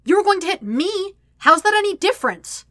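A woman's voice: medium pitch, moderate pace, fairly bright tone, no room sound, lightly acted. A woman voicing a bitter young man who speaks coldly and cruelly in a hiss. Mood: cold anger. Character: cold, furious young man with a grudge. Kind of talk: audiobook reading.

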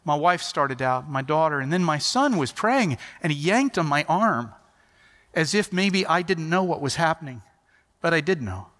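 A man's voice: a little high, animated, moderate pace, a bit bright. A middle-aged man preaching a sermon, telling stories animatedly and acting out the dialogue. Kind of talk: sermon storytelling. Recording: long hall reverb.

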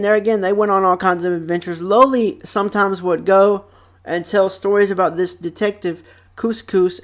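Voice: mid-range voice, a bit bright. Young vlogger, casual rambling chat, full of fillers and repeats, close mic. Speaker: vlog host. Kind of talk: casual chat about childhood TV shows. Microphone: close microphone.

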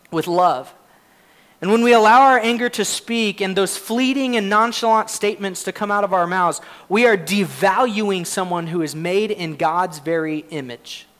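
A man's voice: high voice, a bit bright. A man preaching a sermon as pastor, earnest and conversational, with frequent fillers and self-deprecating laughs.

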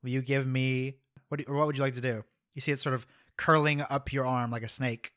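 A man running a tabletop game as game master, narrating with chuckles and halting restarts. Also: mid-range voice, level tone, a bit bright.

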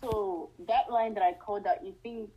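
A woman's voice: mid-range voice, fairly even intonation, moderate pace, dark tone, a little hiss or hum, poor audio. A woman directing a drama rehearsal, giving hesitant, encouraging feedback. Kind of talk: casual feedback.

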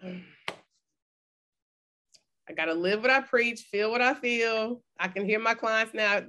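A woman's voice: a little high, takes it slowly, pushed and bright. A woman hosting a casual interview, emotional and effusive, close to tears as she talks. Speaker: podcast host and coach.

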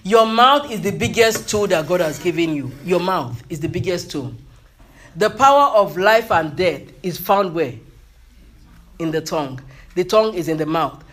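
A man with a high voice delivers a motivational sermon. He speaks emphatically, repeats his key points and punctuates them with hallelujah. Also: fairly bright tone. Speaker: preacher.

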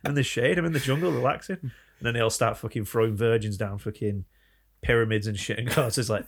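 A man in casual banter, telling animated stories full of swearing and put-on voices. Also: medium pitch, a little fast, slightly rough.

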